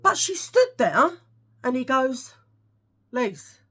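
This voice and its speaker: A woman's voice: medium pitch, expressive, moderate pace, a bit bright. A British woman vlogging, telling stories to camera in a chatty, ranting way with lots of asides. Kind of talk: casual storytelling to camera.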